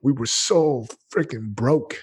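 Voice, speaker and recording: Husky-voiced man telling a story. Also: medium pitch, slow pace. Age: late 30s. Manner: energetic, emphatic, full of slang and restarts. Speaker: guest. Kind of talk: casual storytelling in an interview.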